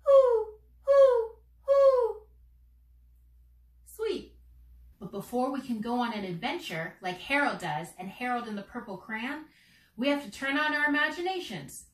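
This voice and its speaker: A young woman, a children's theater teaching artist, leading kids through warm-up games in a slow, encouraging, playful way. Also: a little high, lively intonation, roomy sound, distant mic.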